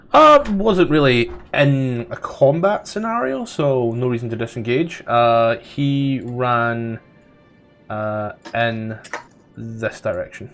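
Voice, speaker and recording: A Scottish man narrating and ruling as game master, easygoing, with fillers and throat clearing. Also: mid-range voice, animated, slow pace, pauses often, a bit bright, soft background music.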